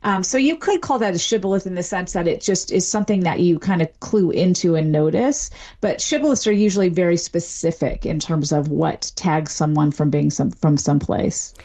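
A woman who is a linguistics professor, giving measured academic answers as a radio interview guest. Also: on the low side, mellow. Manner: measured, academic, thinks aloud with fillers.

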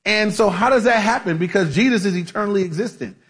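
A pastor delivers a casual, chatty Bible-teaching sermon, full of asides and restarts. His voice is high and breathy, and he talks at a quick pace.

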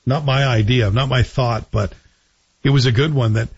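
A male morning radio host with a slightly husky voice talks in a loose, conversational way, offering opinions and asking his guest questions. The sound is dry and close, with a somewhat dull, muffled broadcast quality. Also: mid-range voice, fairly even intonation, normal speed, dry recording. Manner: conversational, opinionated, chuckles between points. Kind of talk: casual talk radio chat. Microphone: studio microphone.

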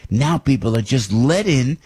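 A middle-aged man, hosting an opinion talk radio show in an emphatic, ranting monologue that climbs into shouts. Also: medium pitch, lively intonation, unhurried, husky.

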